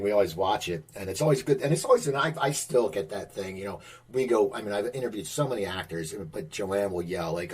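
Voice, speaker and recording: A man hosts an interview with a husky, slightly lowish voice that swings widely in pitch. His questions ramble and restart several times before they land. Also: animated, fast, hardly any pauses. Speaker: podcast host, interviewer. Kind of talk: casual interview chat.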